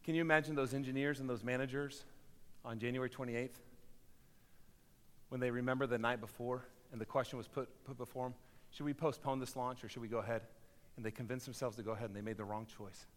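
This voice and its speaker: A man preaching a sermon as pastor of his church, swinging from loud, driving appeals to quiet, hushed storytelling. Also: mid-range voice, steady tone, quick pace. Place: church sanctuary. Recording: reverberant church hall.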